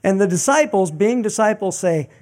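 A man with a fairly high voice delivers a sermon. He talks conversationally, slipping in jokes and asides as he retells the story. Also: expressive, normal speed, darkish tone. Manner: joking, conversational preaching with asides. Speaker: pastor.

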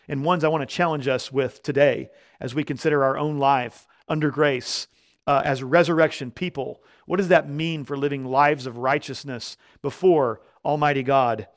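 Male preacher, slightly high voice, emphatic sermon delivery, punches key words. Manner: slows down when quoting scripture. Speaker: pastor.

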